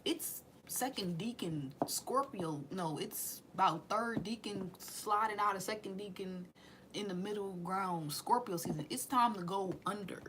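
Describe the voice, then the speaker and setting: A woman's voice: mid-range voice, unhurried, noisy background. A woman doing a casual tarot reading in slangy, profane speech, with sudden drops into whispers. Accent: Southern US. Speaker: tarot reader.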